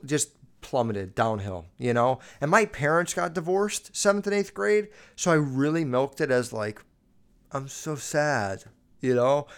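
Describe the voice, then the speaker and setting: A man's voice: a little high, clear, resonant tone. A young man hosting a podcast, telling rambling, crude stories about his school years and swearing constantly. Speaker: podcast host. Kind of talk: casual storytelling monologue.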